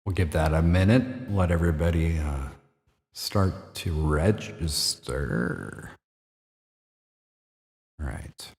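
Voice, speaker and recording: A man hosting a live show, reading listener writings aloud in a relaxed way, with fillers and stumbles over names. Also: sits low, takes it slowly, creaky, long pauses, slightly rough. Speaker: host.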